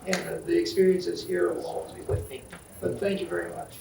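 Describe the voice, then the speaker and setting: Gravelly older man, halting farewell speech. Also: high-pitched, flat delivery, noisy background. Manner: halting, rambling storytelling with many fillers. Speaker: retiring county board supervisor. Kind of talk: farewell remarks at a public meeting. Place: county board meeting room. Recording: roomy, distant meeting-hall mic.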